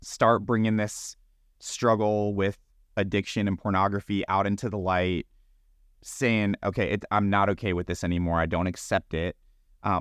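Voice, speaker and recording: A man's voice: lowish voice, clear, resonant tone, no echo, clean studio sound. A middle-aged man, a ministry founder, telling his faith story earnestly and reflectively in a church interview, often restarting his sentences.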